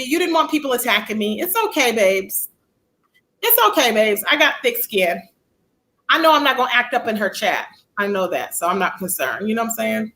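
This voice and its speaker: Woman streamer, high and sharp-toned, sassy and chatty, reading out chat as she talks. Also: lively intonation, normal speed, long pauses, poor audio. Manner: sassy, chatty, reads chat comments aloud. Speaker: livestream host. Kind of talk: casual livestream commentary.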